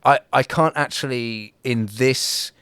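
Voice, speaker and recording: A man's voice: mid-range voice, slow pace, a bit bright, smooth, no echo. A man co-hosting a casual podcast, telling a folk tale in a rambling way with lots of fillers, restarts and swearing. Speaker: podcast co-host. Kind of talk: casual storytelling chat.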